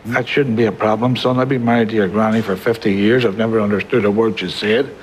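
A man's voice: fairly low pitch, fairly even intonation, quick pace, a little hiss or hum, close to an everyday voice, rough recording. An actor playing an older grandfather in a film scene, tender and reassuring with a dry sense of humour. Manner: tender, reassuring, dryly humorous. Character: warm older grandfather, gentle and wry. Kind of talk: film drama acting.

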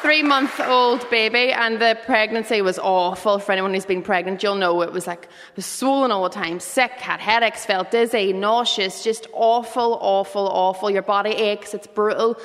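Northern Irish comedienne, punchy set in a reverberant venue. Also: female voice, medium pitch, normal speed, few pauses, some chatter behind. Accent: Northern Irish (Derry). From Northern Ireland. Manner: lively, punchy joke delivery. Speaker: comedian guest.

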